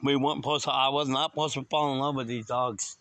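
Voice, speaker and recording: A man talking casually to his viewers, drifting from one thought to the next. His voice sits at an ordinary middle pitch, and he speaks in a loose, rambling way. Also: fairly even intonation, fast talker, fairly bright tone, no room sound. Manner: rambling, talks straight to viewers. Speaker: vlogger.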